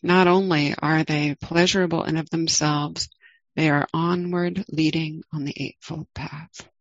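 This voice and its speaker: A middle-aged woman leading a guided meditation, speaking calmly and gently with long pauses. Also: sits low, no room sound, muffled recording. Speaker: meditation teacher.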